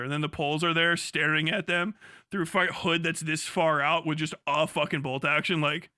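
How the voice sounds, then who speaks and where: A man's voice: on the high side, big pitch swings, moderate pace, bright, forceful tone, dry recording, studio quality. A young man ranting casually and profanely to a live chat, laughing often and jumping from topic to topic. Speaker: livestreamer.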